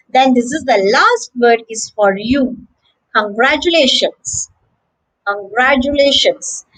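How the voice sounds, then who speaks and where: Female teacher for a kids' pronunciation lesson: animated, sing-song delivery, breaks words into syllables. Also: high-pitched, low-quality recording. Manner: syllable-by-syllable, encouraging, addresses children. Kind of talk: slow drilled pronunciation lesson.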